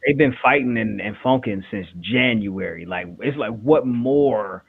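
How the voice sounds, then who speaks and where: A man hosting a casual wrestling chat, talking in quick animated bursts. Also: mid-range voice, creaky, slightly rough. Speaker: podcast host. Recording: tinny phone-like line.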